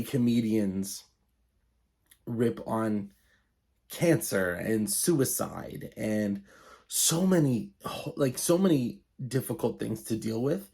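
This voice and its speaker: A man's voice: lowish voice, creaky, dark tone, husky. A man in his late thirties giving his opinion in a casual, chatty vlog, thinking aloud with frequent fillers. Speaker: YouTube reviewer.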